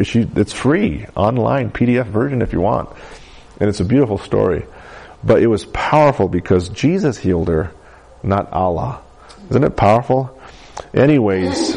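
A man's voice: fairly low pitch, vocal fry, mellow, husky. A middle-aged man teaching a Bible class, telling a story in a conversational way with asides and fillers.

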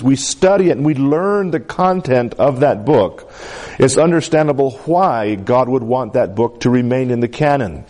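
A man's voice: on the high side, darkish tone. A man preaching a sermon, stressing key words and calling out to his congregation for an amen. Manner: emphatic preaching with congregation call-outs. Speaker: pastor.

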